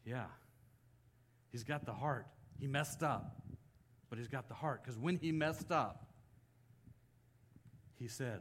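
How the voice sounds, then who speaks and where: A man preaching, retelling an old story with lots of expression. He acts out each quoted line, getting loud and high for outbursts and dropping to a near hush for the solemn parts. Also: slow, long pauses. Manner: storytelling, acting out quoted lines with swings of pitch and loudness. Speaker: pastor. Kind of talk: sermon.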